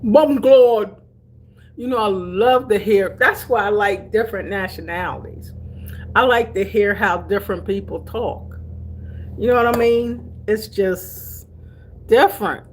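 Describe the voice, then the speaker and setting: A woman's voice: medium pitch, a little slow, slight background noise. An older woman from Delaware chatting casually to camera as a vlogger. She calls her viewers honey and baby and laughs easily while telling stories. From Delaware, USA.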